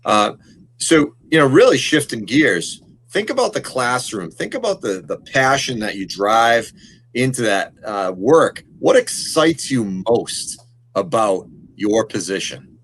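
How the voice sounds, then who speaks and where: A man hosting an interview, reflecting on a guest's story and asking questions in a measured way with many fillers. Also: mid-range voice, very animated, a bit bright, a little hiss or hum. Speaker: podcast host.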